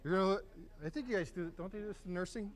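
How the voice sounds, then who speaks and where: A man runs a hands-on first aid class in a training room, his voice sitting noticeably high for a man. He talks casually and encouragingly as he coaches students through each step. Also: racing.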